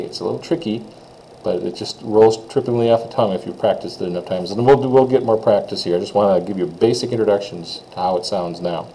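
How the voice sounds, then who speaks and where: A man with a lowish, mellow voice gives a casual French pronunciation lesson. He draws out each model phrase slowly, then rattles off quick asides, with a faint hiss of noise behind him. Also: rough recording. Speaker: French teacher.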